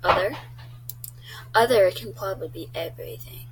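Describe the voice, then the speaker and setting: A woman's voice: mid-range voice, normal speed, heavy background noise. A teenage girl chatting casually on her own vlog, blunt and talkative, swearing often. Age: teens. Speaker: YouTuber.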